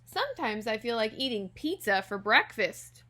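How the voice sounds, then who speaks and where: Teacher lady doing a kids' book read-aloud, gentle and expressive, talks right to the little ones, slightly high voice. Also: takes it slowly, long pauses. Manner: gentle, expressive, speaks directly to young listeners. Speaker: teacher reading aloud to children. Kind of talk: children's storybook read-aloud.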